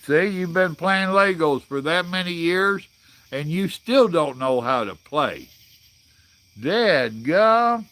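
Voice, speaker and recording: A man's voice: high-pitched, animated, takes it slowly, a bit bright. A man, hosting a casual live chat and reading viewer comments in a blunt, folksy way. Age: 60s. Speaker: livestream host.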